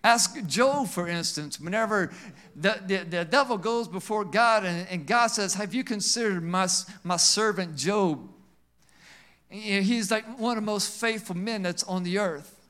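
A male pastor preaching a sermon with call-and-response amens, swinging between emphatic and quiet passages. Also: high voice, normal speed.

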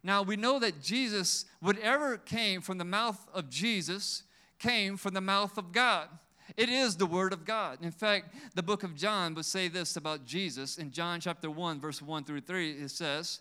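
A man preaching a sermon, building up to loud, emphatic declarations. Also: high voice, unhurried, clear, resonant tone.

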